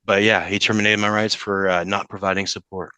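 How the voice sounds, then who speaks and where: A young man with a low, forceful, bright voice talks as a podcast guest, halting and restarting as the emotion catches up with him. The sound is close and dry. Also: level tone, clean tone, no room sound. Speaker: podcast guest, father in custody case. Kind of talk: casual interview talk.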